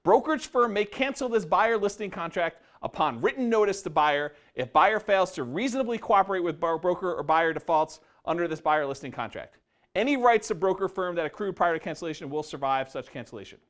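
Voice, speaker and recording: A man's voice: high-pitched, lively intonation, brisk, a bit bright. A man presenting a live seminar on real estate investing to an audience, often quizzing them with questions. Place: meeting room before a live audience.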